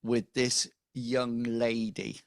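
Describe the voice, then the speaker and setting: Slow, gravelly-voiced man running a game. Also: medium pitch, flat delivery, dry recording, clean studio sound. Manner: halting, many ums and restarts. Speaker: game master. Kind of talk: narrating a tabletop game.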